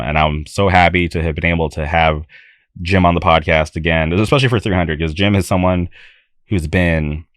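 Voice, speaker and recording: A young Californian man with a low voice hosts a casual podcast, talking enthusiastically and rambling with frequent restarts. The recording is studio quality, with no echo.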